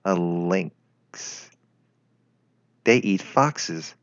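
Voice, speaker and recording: A man's voice: deep voice, animated, drawn-out words, no room sound, pitched below the performer's own voice, heavily acted. A man doing a clingy Russian tank girl. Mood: creepy. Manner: teasing, creepy and doting. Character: clingy, eerie young female Soviet tank girl. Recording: lo-fi with faint music.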